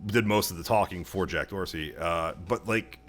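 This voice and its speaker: Speaking at a normal speed, a man with a deep, fairly bright voice co-hosts a podcast in casual conversation. He rambles, frequently starts over and curses freely.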